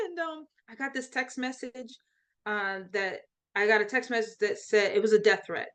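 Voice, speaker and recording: A woman's voice: fairly high pitch, fairly even intonation, moderate pace, pushed and bright. A woman, a life coach, telling a personal faith story in an interview, laughing often and acting out quoted voices.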